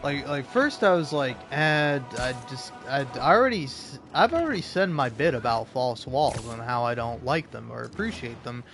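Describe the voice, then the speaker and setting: A man's voice: medium pitch, expressive, normal speed, few pauses, fairly bright tone, soft background music. A young man streaming a game, rambling, swearing and joking at his own expense in casual chat. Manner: rambling, swearing, self-deprecating.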